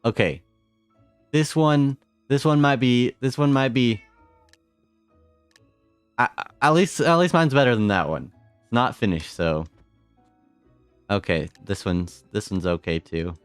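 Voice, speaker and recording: A man giving live gameplay commentary as a streamer, excitable, repeating short phrases and exclaiming often. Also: mid-range voice, a little slow, long pauses, smooth, no room sound, faint music behind. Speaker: game streamer.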